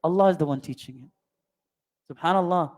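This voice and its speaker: A man teaching Islam delivers his lesson as a storyteller, posing plenty of rhetorical questions and weaving in Arabic words. His voice is a little high, a little fast and a little mellow, set in a long hall reverb.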